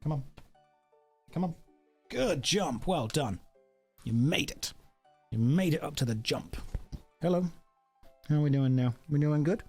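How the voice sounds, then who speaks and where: A man on a game livestream chats casually and jokes with viewers and his dog, taking long pauses in an unhurried delivery. His fairly high voice is animated, a little mellow and slightly rough, with faint music behind.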